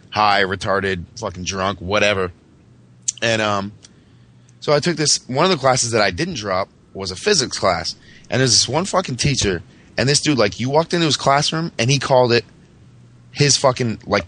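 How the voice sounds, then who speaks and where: A man's voice: fairly low pitch, a bit bright. A man from Massachusetts, a podcast host, telling a boastful, profane story in casual chat.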